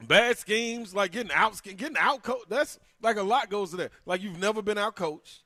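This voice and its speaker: A man's voice: sits high, normal speed, pushed and bright, no echo, clean studio sound. A man co-hosting sports talk radio, casual and slangy, laughing often. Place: radio studio.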